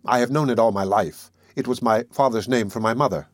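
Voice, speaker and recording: A man reading the part of a frail, weary young woman at sea, who speaks in a soft, tearful, pleading way. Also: mid-range voice, fairly quick, no room sound, clean studio sound, lightly acted. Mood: wry.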